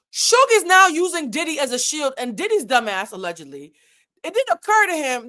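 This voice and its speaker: A woman hosts a commentary channel and tells a story casually, with plenty of swearing. Her pitch swings widely and her voice jumps up sharply when she reads quotes with emphasis. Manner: animated, profane, reads quotes with emphatic bursts.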